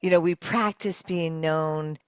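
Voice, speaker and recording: A woman's voice: sits low, measured pace, clear, resonant tone, studio quality. A woman co-hosting a wellness podcast, affirming and echoing her guest's words. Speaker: podcast co-host. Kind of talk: warm interview chat.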